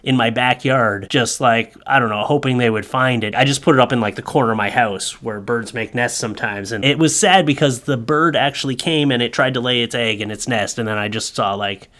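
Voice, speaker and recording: A young man riffs through funny online posts in a loose, joking commentary. His voice sits at an average pitch, and he stays animated as he talks right to his audience. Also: brisk, hardly any pauses. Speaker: commentary host. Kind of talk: casual comedic commentary.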